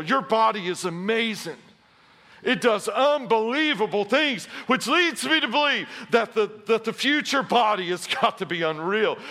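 Male pastor, middle-aged, high bright voice, humorous storyteller in the pulpit. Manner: storytelling, self-deprecating humor. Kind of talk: sermon.

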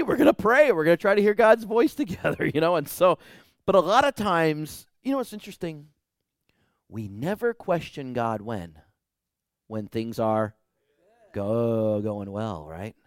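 Animated male pastor, higher pitch. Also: moderate pace, smooth, dry recording, studio quality. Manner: animated storytelling, acting out dialogue; swings from loud to hushed. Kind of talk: sermon.

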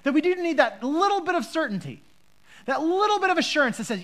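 A woman preacher teaching a Bible passage in a lively, chatty way, with frequent restarts and rhetorical questions. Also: high-pitched, fast talker.

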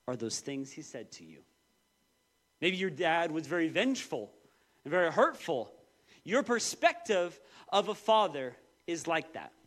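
A man in his thirties preaching a sermon, telling personal stories with lively, acted-out quotes. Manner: animated storytelling, quoting voices with big pitch jumps. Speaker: pastor.

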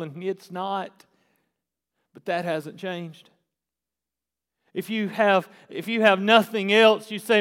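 A male pastor preaching a sermon, swinging between hushed and shouted passages. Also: sits high. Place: church sanctuary. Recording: echoey church hall.

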